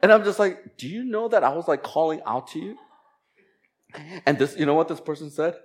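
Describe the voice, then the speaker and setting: A man preaching as a pastor, moving from slow, emphatic scripture reading into a chatty, laughing personal story. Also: fairly high pitch. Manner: conversational, animated storytelling with laughs and quoted voices.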